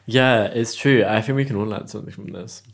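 A man with a British accent co-hosting a podcast in casual chat, soft-spoken with dry joking asides. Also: lowish voice, a little fast, gravelly. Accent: British English. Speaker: podcast co-host.

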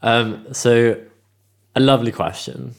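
Brief: British man, podcast co-host, soft-spoken, dry wit, mid-range voice. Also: mid-range voice, fairly even intonation, slow pace, creaky. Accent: British English. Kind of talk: casual chat.

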